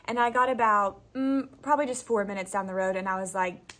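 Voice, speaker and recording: A woman's voice: a little high, fairly quick, a bit bright. A young woman from Florida, a first grade teacher, chatting casually to camera in her classroom, laughing easily and saying "y'all" and "like" a lot. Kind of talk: casual vlog chat. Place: classroom, indoors.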